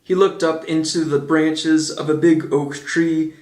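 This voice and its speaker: A man reading a children's storybook aloud in a gentle, measured way, as an audiobook narrator. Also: a little high, little pitch movement. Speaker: audiobook reader. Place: indoor room, on camera. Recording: roomy echo.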